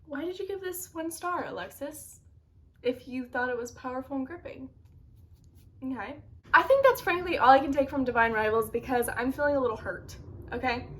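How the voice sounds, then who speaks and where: A young woman in a casual book vlog, reacting with animated, dramatic bursts of mock outrage. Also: high-pitched, normal speed. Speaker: book vlogger.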